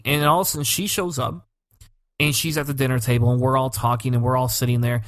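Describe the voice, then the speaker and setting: A man's voice: medium pitch, steady tone, quick pace, fairly bright tone, dry recording, clean studio sound. A man co-hosting a podcast in casual chat, telling a story with energy, swearing freely and acting out the quotes. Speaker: podcast co-host.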